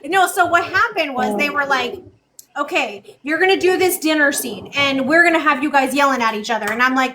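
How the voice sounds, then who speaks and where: A woman's voice: high voice, moderate pace, noisy background. A woman on a reality show, chatting casually on a livestream and laughing through stories about production. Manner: laughing storyteller, quotes producers. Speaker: reality show cast member.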